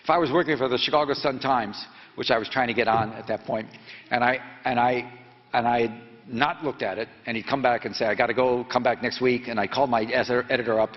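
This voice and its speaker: A man in his seventies, a reporter telling a story and quizzing students in a lecture hall, halting and full of fillers. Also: mid-range voice, fairly even intonation. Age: 70s. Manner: prods the audience with quick questions. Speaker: reporter giving a talk to students. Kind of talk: lecture storytelling with audience questions. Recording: echoey hall, dull lo-fi sound.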